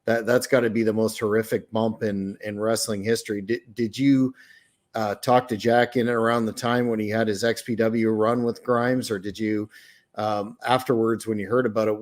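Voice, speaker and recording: A man's voice: on the low side, flat delivery, moderate pace. A male interview host asking long, winding questions with some hesitation.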